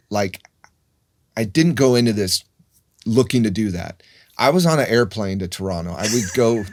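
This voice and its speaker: A man's voice: fairly low pitch, a little mellow. A man in his fifties, a guest in a casual interview, telling stories in a rambling way with frequent restarts. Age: 50s.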